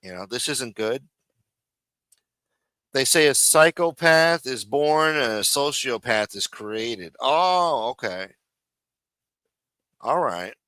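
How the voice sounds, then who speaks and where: Bright-voiced swearing male stream host. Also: mid-range voice, animated, slow, long pauses, no room sound. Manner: rambling, swears often, repeats himself. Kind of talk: profane casual commentary on clips.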